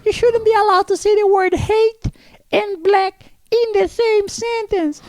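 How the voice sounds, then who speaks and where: A man voicing an angry woman heckler who shouts accusations at a comedian. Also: very high voice, steady tone, unhurried, dry recording, studio quality, pitched above the performer's own voice. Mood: furious. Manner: screaming, accusatory.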